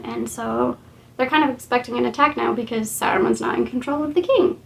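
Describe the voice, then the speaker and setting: A woman's voice: fairly high pitch, steady tone, brisk, vocal fry, fairly bright tone. A woman casually retelling a story in a rambling, chatty way.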